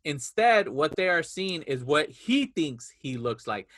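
A man's voice: fairly high pitch, unhurried. A man in casual movie chat, retelling scenes and acting out quotes in little voices. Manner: animated storyteller, acts out quotes in voices.

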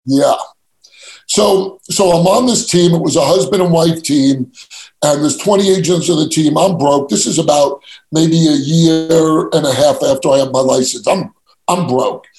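In a casual storytelling interview, a brash middle-aged real estate agent from New York spins yarns in a gravelly, darkish, slightly high voice. He mocks himself and stammers into quick restarts as the room echoes around him.

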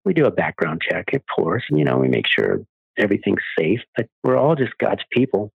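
A man's voice: low-pitched, very animated, brisk, creaky, slightly rough, dry recording. A man in his forties or fifties, a charity founder telling stories as an interview guest in an earnest way. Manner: earnest storyteller. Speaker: guest, charity founder giving cars away. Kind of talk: interview conversation. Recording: dry, phone-like narrow sound.

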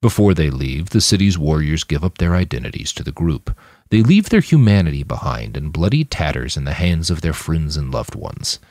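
Brief: man voicing a calm big warrior in a story reading, low and steady, firm. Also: moderate pace, dry recording, studio quality. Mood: grave.

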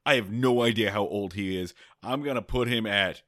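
A man's voice: on the low side, moderate pace, fairly bright tone, dry recording, studio quality. A man co-hosting a casual podcast, telling a rambling story with many restarts and laughs. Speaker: podcast co-host.

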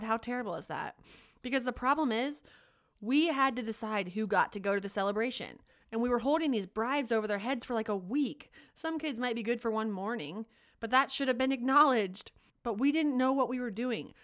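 Woman teacher on a podcast, heartfelt storytelling, kinda high voice. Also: fairly bright tone. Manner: earnest, storytelling, emotional. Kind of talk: casual podcast chat.

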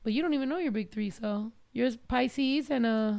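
A woman hosting a podcast, telling stories in a loud, animated way with plenty of cursing. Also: a little high, normal speed, vocal fry. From Mexican-American family. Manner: loud, animated storytelling with profanity. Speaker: podcast host. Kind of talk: casual chat.

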